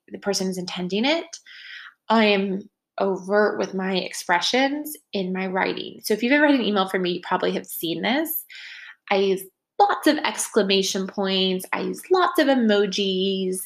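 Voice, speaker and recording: A woman's voice: mid-range voice, creaky, a bit bright. An American woman in her thirties hosting a podcast, chatting casually and acting out the voices she quotes. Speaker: podcast host for estheticians. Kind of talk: casual solo podcast talk.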